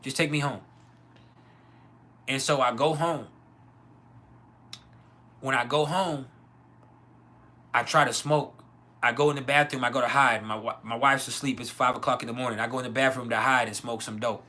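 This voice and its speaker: A man's voice: mid-range voice, steady tone, normal speed, long pauses, bright, forceful tone. A man hosting his own channel, telling a personal story in a candid, profane, rambling way with many restarts. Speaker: channel host.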